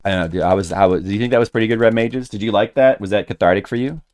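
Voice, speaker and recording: Streaming a game, a man rambles casually to his chat, occasionally erupting in mock rage. His voice is lowish and a bit mellow, and he talks at a racing clip.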